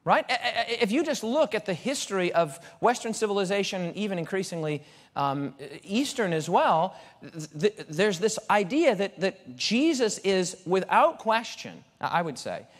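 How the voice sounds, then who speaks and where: A man preaching a sermon as a pastor, animated, asking rhetorical questions, often restarting his phrases. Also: high-pitched. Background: audience present.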